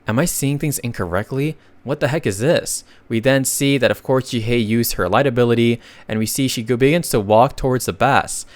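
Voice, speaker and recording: A man's voice: medium pitch, no room sound. A man narrating a comic recap in a casual, chatty way, reading out the dialogue and adding joking asides to viewers.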